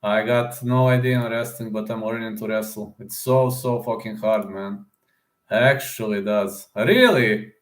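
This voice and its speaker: Speaking slowly in a fairly low voice, this livestream host talks casually with his audience and offers predictions about fights. He reads chat messages out loud, says "man" a lot, and fills his speech with fillers, while the room gives off an echo.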